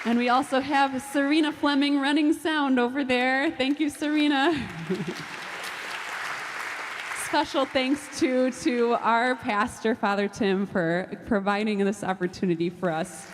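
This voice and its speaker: A woman's voice: high-pitched, fairly even intonation. Woman thanking helpers in an echoey hall. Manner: warm, halting, many fillers. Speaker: choir co-director. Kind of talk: thank-you speech at a church event. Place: church hall with audience. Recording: echoey hall from a distance, faint crowd and noise.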